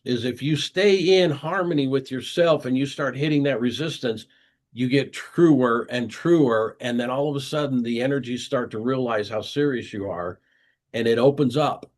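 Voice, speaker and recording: A man hosting a weekly video call, giving an earnest motivational talk and repeating his key phrases for emphasis. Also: mid-range voice.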